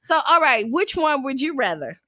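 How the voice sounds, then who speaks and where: A woman co-hosting a morning radio show, chatting casually and expressively, quick to laugh. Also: high-pitched, sing-song, pushed and bright, no echo, clean studio sound. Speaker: radio co-host.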